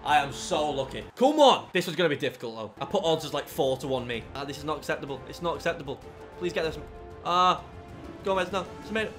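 Excitable young gaming commentator. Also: male voice, on the high side, fast, soft background music. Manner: excitable, bursts into shouts after goals. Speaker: gaming YouTuber. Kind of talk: live game commentary.

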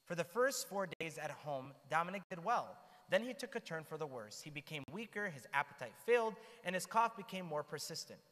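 A man telling the lives of saints to a church group in an animated storytelling manner, with asides to his listeners. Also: a little high, a little fast, hardly any pauses. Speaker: church speaker. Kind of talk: storytelling talk to a youth group. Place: church hall. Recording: long hall reverb.

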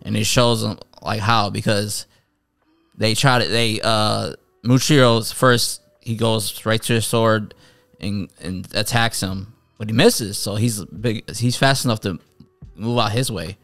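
A man's voice: lowish voice, a little slow, vocal fry, fairly bright tone, no room sound, soft background music. Rambling male anime reviewer, dry sound. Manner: rambling, loose retelling with many fillers and restarts. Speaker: anime reviewer, channel host. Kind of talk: casual spoken episode review.

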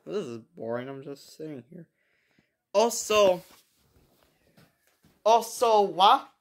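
A young woman giving excited commentary over her gameplay, full of exclamations, repeats and restarts. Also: fairly low pitch, slow. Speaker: gaming video creator.

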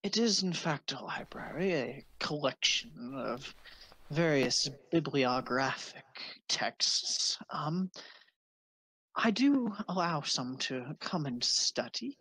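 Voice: mid-range voice, animated, slow, fairly bright tone, slightly rough, no room sound, full character voice, poor audio. Willem Redwinter, a game master doing a muttering old wizard. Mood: fussy. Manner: muttering, whispery. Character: distracted elderly male wizard librarian.

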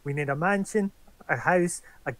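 An excitable, scatterbrained adventurer , put on by a man in a tabletop game. He talks, a touch higher and louder than normal speech. His lines tumble out in an eager, stumbling rush, and the sound is dry. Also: normal speed, no echo, lightly acted. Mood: excited. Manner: eager, stumbling over words.

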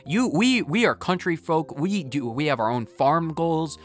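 A man giving casual gameplay commentary, rambling and talking to himself, going off on tangents with sudden jumps in loudness. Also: a little high, animated, a little slow, faint music behind. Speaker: gaming video host. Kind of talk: casual let's-play commentary.

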